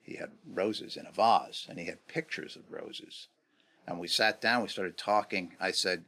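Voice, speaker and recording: A middle-aged man from New York, a guest in an interview, telling negotiation stories in a casual, animated way and asking rhetorical questions. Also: deep voice, a little slow.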